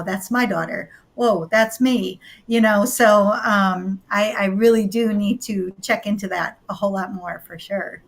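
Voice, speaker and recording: A woman's voice: medium pitch, low-quality recording. A woman guest on a talk show, talking candidly and easily. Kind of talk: casual talk show conversation.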